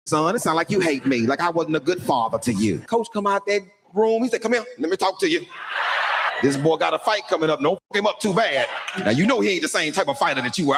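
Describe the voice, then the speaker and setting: A man's voice: on the high side, moderate pace. A middle-aged man telling a comic story about his son, boastful and acting out every line of dialogue. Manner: boastful, animated, acts out dialogue. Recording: noticeable background noise.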